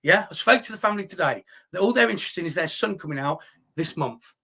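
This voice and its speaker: High-pitched and husky with vocal fry, this man talks fast and animatedly in a sharp tone. He's hosting a live stream, reading viewer chat and answering with heated indignation and lots of swearing.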